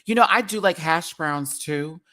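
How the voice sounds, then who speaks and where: Livestream host, male, sassy and animated, casual rant to viewers. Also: a little slow. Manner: animated, sassy, talks straight to chat with big pitch jumps. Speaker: live stream host.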